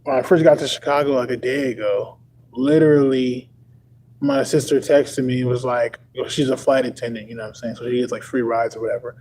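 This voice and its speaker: A man's voice: medium pitch, steady tone, a little fast, a little mellow, a little hiss or hum, low-quality recording. A young man from Texas on a livestream, talking casually and rambling, packing his sentences with "like" and chuckling often. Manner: rambling, full of "like" fillers.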